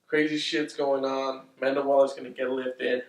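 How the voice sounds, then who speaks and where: A man's voice: medium pitch, moderate pace. Guy rambling thru a movie recap, swears a ton, sounds roomy n kinda far from the mic. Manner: rambling, profane, excitable. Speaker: movie reviewer. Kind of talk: casual film recap.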